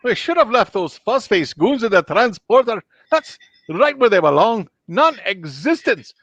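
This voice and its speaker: A man does an excitable older Scottish engineer with a raised, fussy voice. He scolds in an agitated tone. The sound is dry and lo-fi. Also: high voice, a little slow, no room sound, voice pushed up, heavily acted. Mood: indignant. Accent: put-on Scottish.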